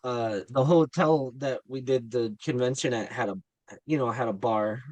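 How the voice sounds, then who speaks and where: A man's voice: medium pitch, normal speed, no room sound, poor audio. A man who acts in indie films, eagerly telling an anecdote with stammers and repeats. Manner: animated storyteller, stammers and repeats with excitement. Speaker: guest filmmaker and actor.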